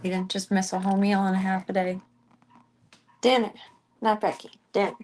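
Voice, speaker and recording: A woman streamer chatting casually at home, rambling and cooing softly at her pets. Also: mid-range voice, little pitch movement, moderate pace. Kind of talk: casual chat.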